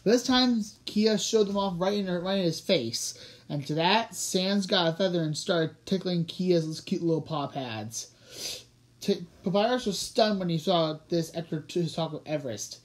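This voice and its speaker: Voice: medium pitch, lively intonation, normal speed. Young amateur reader stumbling through a story. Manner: stumbling, self-correcting reading. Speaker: audiobook reader. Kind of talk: amateur story read-aloud.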